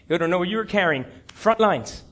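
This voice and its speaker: A man preaching a sermon, telling a story with animated, acted-out quotes. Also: sits high, normal speed.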